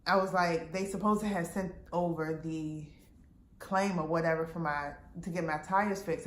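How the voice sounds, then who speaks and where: Her voice sits low yet sounds fairly bright. As a vlogger telling a storytime about a frustrating experience, she talks casually, using lots of fillers and quoting what people said, and the audio is roomy with a faint background hum of noise.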